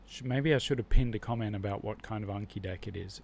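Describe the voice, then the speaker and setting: A man's voice: lowish voice, fast, gravelly, few pauses, darkish tone, breathy edge. An Australian man hosting a casual livestream, thinking aloud as he reviews Spanish flashcards. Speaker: livestream host learning Spanish.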